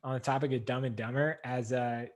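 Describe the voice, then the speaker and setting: A man at home hosting a relaxed livestream chat over a video call. He talks in an easygoing, rambling way, laughs a lot, and restarts his sentences as he goes. His voice sits at a medium pitch. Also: brisk, noisy background. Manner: chatty, laughs often, trails off in restarts. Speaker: livestream host.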